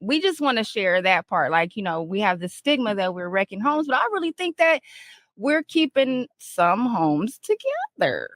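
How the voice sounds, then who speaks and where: A woman's voice: mid-range voice, big pitch swings, dry recording. A woman and former exotic dancer who frankly steers a casual chat and draws out her points. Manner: frank, drawn-out, sets up topics.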